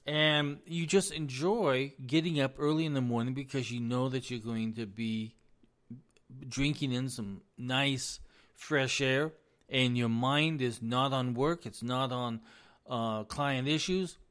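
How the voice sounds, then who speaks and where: A man hosting a solo commentary, folksy and relaxed at first, then insistent and heated about the economy. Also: mid-range voice, slow pace. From US East Coast. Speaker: business administrator, commentary host. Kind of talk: opinionated commentary.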